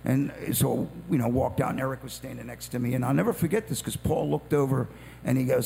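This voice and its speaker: A man with a gravelly voice chatting with enthusiasm, full of restarts and eager agreement. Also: mid-range voice, a little fast, darkish tone. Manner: enthusiastic, many yeahs and restarts. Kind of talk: casual chat. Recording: long hall reverb with faint hum.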